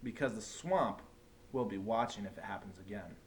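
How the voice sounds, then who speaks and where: A man voicing a strict, scary, witch-like woman teacher with a scratchy voice, speaking slowly and sternly. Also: fairly low pitch, voice pushed down, close to an everyday voice. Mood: stern, menacing.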